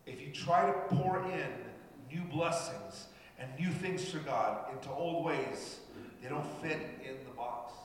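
A man's voice: fairly high pitch, lively intonation, measured pace, a little hiss or hum. A man from Canada preaching a sermon, talking conversationally and addressing the congregation directly. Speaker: pastor. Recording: echoey hall with long reverb.

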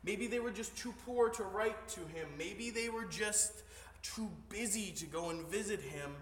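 A male pastor preaching a sermon, moving between hushed storytelling and rising, emphatic preaching. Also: sits high, measured pace. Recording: echoey hall, voice heard from a distance.

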